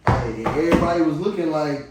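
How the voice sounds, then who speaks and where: A man's voice: fairly high pitch, fast. A man co-hosting a podcast in casual chat, laid-back and laughing along. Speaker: podcast co-host. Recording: echoey room, mic far off, faint noise.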